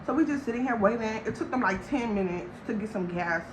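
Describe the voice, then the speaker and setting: A young woman from Long Beach, telling a storytime vlog in an animated, slangy way and talking straight to viewers. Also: fairly high pitch, fairly quick, background noise. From Long Beach, California. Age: young adult. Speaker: vlogger.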